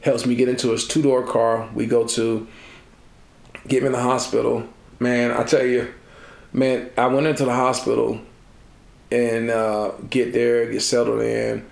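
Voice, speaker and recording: A man tells a personal story as an interview guest, his voice gravelly and held in a narrow pitch range. He acts out the people in his story. The recording has an echoey room sound. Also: unhurried. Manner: animated storyteller, acting out quoted voices.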